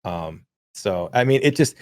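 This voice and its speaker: Give me a podcast co-host in his thirties, a lower-voiced man telling a rambling, profane story over a dry mic. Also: lively intonation, a little slow, dry recording. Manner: rambling, profane, many fillers. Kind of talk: casual storytelling.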